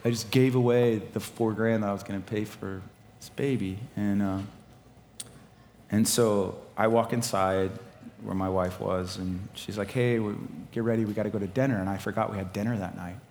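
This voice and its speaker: A man preaching a sermon and telling a personal story, animated and laughing, swinging between loud preaching and quiet storytelling. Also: on the low side, normal speed, a little hiss or hum. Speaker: pastor. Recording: live hall with long reverb and faint ambience.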